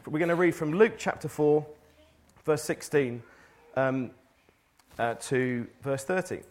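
A man's voice: medium pitch, unhurried. A man preaching a casual sermon, asking the room rhetorical questions and reading scripture aloud. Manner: conversational, rhetorical questions, occasional restarts.

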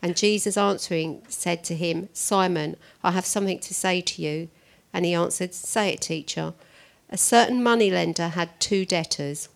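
A woman reading a Bible passage aloud to a church group in a steady, measured way. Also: lowish voice, creaky. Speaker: scripture reader.

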